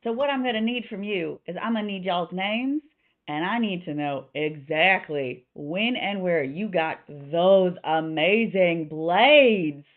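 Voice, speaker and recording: A woman's voice: on the low side, expressive, a little slow. A woman voicing a small, bearded, flirty female tavern keeper with a slight Southern accent, heard over a tinny line. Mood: curious. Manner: flirty, drawling, sweet-talking.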